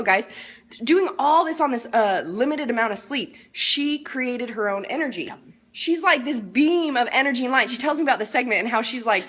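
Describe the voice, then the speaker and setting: A woman's voice: fairly high pitch, fairly bright tone, slightly rough. A middle-aged woman hosting a casual coaching chat, bubbly and upbeat, laughing often. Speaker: life coach and show host.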